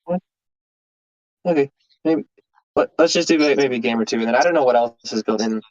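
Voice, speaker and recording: A man's voice: medium pitch, brisk, darkish tone, dry recording. A man chatting over voice chat during a live reaction stream, easygoing, laughing often and stumbling over repeated words. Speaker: guest on voice chat. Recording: dull lo-fi voice chat audio.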